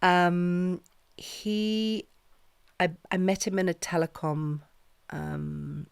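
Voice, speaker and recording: A middle-aged woman, a podcast guest, talks in a low, gravelly voice. She swears freely and acts out the dialogue. The sound is close and dry. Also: fairly even intonation, drawn-out words, no echo. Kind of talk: casual storytelling chat.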